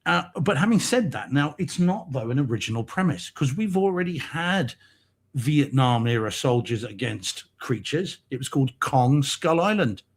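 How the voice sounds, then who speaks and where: Man, British accent, husky, rambling, casual live-stream co-host, remote mic. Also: mid-range voice, big pitch swings, moderate pace. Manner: rambling, hesitant with frequent ums, laughs often. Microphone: remote video-call mic.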